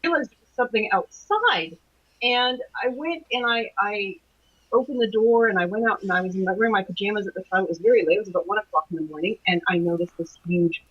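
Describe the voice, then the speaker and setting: A woman's voice: medium pitch, a little fast, a bit bright, breathy edge. A middle-aged woman from Canada, a guest recounting a personal experience in an interview, talking hesitantly with many restarts. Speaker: guest, anomalies researcher. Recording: dull lo-fi call audio.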